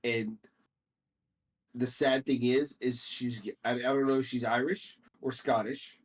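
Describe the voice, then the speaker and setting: A man's voice: mid-range voice, steady tone, measured pace, slightly rough, distant mic. Laid back guy co-hosting, stumbles over words, sits back from the mic. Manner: rambling, hesitant, repeats words. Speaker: podcast co-host. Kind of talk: casual chat.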